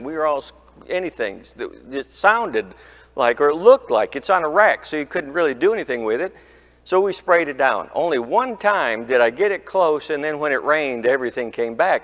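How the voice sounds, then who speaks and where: Folksy preacher telling a story in a reverberant church. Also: male voice, fairly bright tone. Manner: folksy, humorous anecdote with mimicked squeaks. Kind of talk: sermon storytelling. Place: church sanctuary.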